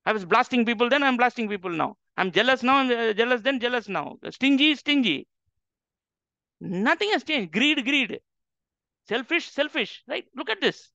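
A man's voice: extremely high pitch, lively intonation, normal speed, vocal fry, pushed and bright, no room sound. A man teaching on the Quran, emphatic and full of rhetorical questions to his audience. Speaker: Islamic teacher. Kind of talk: lecture on the Quran. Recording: dull lo-fi dry recording.

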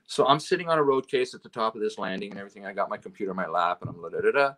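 Rapid-fire and on the low side, a Canadian man's voice has a fairly bright tone as he tells rambling stories as a guest in casual chat. A road and stage manager, he fills his talk with "you know" and "right?".

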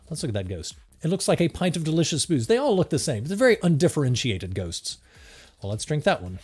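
A man's voice: on the high side, quick pace, slightly rough. A man hosting a let's-play, reading a text adventure aloud with playful emphasis. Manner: lively, reads with playful emphasis, laughs along.

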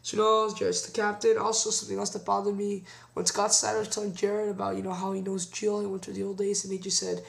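Gravelly young man ranting a review. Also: high voice, level tone, quick pace, few pauses. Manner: opinionated, ranting. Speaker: wrestling show reviewer. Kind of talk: casual vlog review.

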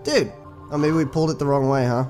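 A young man casually commenting on his own video game playthrough, excitable and profane, talking back to the characters on screen. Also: fairly high pitch, fast talker, faint music behind. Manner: excitable, swears a lot, talks to the game characters. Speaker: gaming channel host. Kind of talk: casual let's play commentary.

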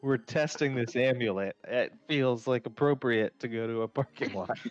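A man's voice: mid-range voice, normal speed. A man playing a tabletop game, playful and a bit hesitant, on dull lo-fi audio. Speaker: player. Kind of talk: casual tabletop banter.

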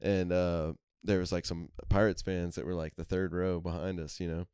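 Low-voiced man telling profane stories. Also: moderate pace, clean tone, no echo, clean studio sound. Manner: profane, animated storytelling, laughs often. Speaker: podcast host. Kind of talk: casual chat.

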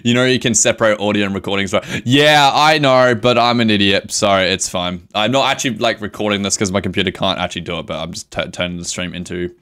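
A man's voice: fairly low pitch, quick pace, few pauses, a bit bright, smooth. A young man live streaming a video game, talking to his chat with melodramatic mock grief, swearing and laughing. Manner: reads chat aloud and answers it.

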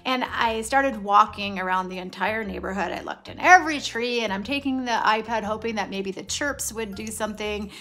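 A woman's voice: medium pitch, normal speed, few pauses, a bit bright. A middle-aged woman vlogger telling a long personal story in a chatty, rambling way, full of restarts and side remarks. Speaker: nail polish vlogger. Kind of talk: casual storytelling.

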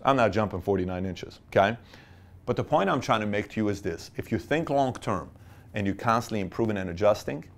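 Male entrepreneur, motivational talk, punchy, rhetorical, sarcastic asides. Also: on the low side. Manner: emphatic, rhetorical questions, playful sarcasm. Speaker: entrepreneur giving business advice.

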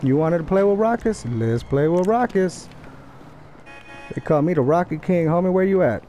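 A man's voice: high voice, animated, moderate pace, warm tone, faint music behind. A young man trash-talking other players in an online game over a headset mic, taunting, profane and boastful. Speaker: gamer streaming online play.

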